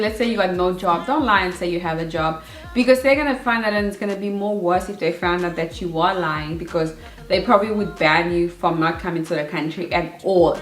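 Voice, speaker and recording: A young woman talks straight to camera in a chatty, animated way. She acts out her own past nerves as she gives advice. Her voice sits at a middle pitch, and the room around her is echoey. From South Africa. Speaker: vlogger. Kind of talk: casual advice vlog.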